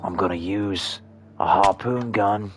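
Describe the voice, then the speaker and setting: A man putting on the voice of a gruff male action-movie tough guy, growling threats in a mock accent. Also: lowish voice, a little slow, soft background music, close to an everyday voice. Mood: boastful.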